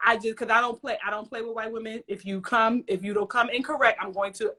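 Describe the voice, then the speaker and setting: A woman podcast host in a casual chat, telling stories in an animated way and acting out quoted voices. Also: a little high, fast.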